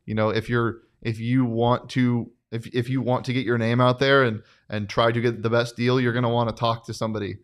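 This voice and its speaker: Animated male sports show co-host. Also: medium pitch, a little fast, few pauses, clear, resonant tone. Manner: animated, restarts, laughs often. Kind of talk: casual sports talk.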